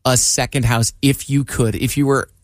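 A man's voice: medium pitch, moderate pace, no echo, studio quality. A man co-hosting a radio show, chatting casually and teasing his co-host. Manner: teasing, animated. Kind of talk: casual on-air chat.

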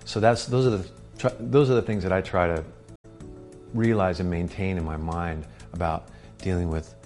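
A man's voice: low-pitched, fairly even intonation, normal speed, darkish tone, soft background music. A man co-hosting a faith-based marriage talk with his wife, reflective and often repeating words as he thinks. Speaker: co-host, husband. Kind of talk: casual faith-based chat.

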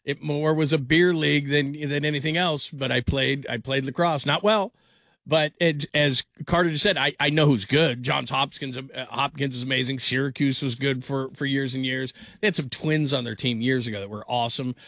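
On a studio mic with a dry, studio-quality recording, a middle-aged call-in sports radio host chats casually. His voice is mid-range and a bit bright, with fairly even intonation at normal speed. He rambles, restarts, repeats words and laughs readily.

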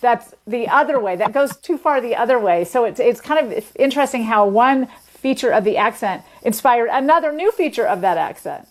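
A woman's voice: on the high side, animated, moderate pace, few pauses. Articulate woman explaining speech patterns. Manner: articulate, lecturing, spells words out. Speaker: linguist guest. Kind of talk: explanatory conversation.

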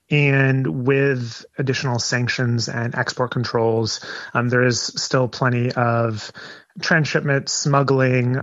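A male analyst answers interview questions at an even, measured pace. His words sometimes double up as he works through a thought. The line sounds slightly muffled and close, with no room around it. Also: medium pitch, dry recording. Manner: measured, with frequent repeated words. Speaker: guest analyst.

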